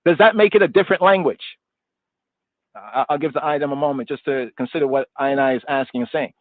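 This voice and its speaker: A man's voice: mid-range voice, fast, no room sound. Tinny, digressive male scripture teacher. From United States. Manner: loose and digressive, repeating words and phrases; informal street slang mixed with scripture talk. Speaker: Bible study teacher. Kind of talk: live-streamed scripture teaching. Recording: dry, tinny phone-like line.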